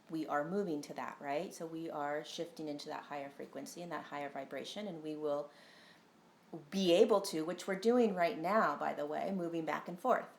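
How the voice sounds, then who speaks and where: This woman's voice is low and creaky, caught on a phone in an echoey space with a faint hiss or hum. Speaking casually as a spiritual teacher on a live stream, she rambles earnestly, full of ums and tag questions.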